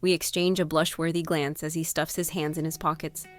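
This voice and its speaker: A woman narrating her own novel as an audiobook, reading in the first person with expressive delivery. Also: sits low, fairly quick, faint music behind. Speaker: author and narrator.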